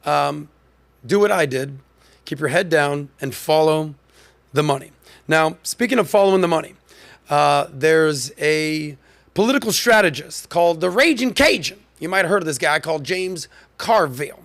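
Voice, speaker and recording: A man hosts a podcast and delivers a commentary monologue in a punchy, emphatic, conversational way. His speaking voice sits a little high. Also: moderate pace, creaky, fairly bright tone. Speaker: podcast host.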